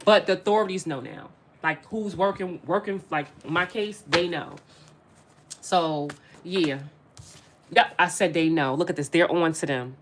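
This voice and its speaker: With a lowish voice and a slightly slow delivery, a woman reads tarot for her viewers, talking to them directly and emphatically repeating phrases in a casual, spiritual way. A little hiss or hum runs underneath.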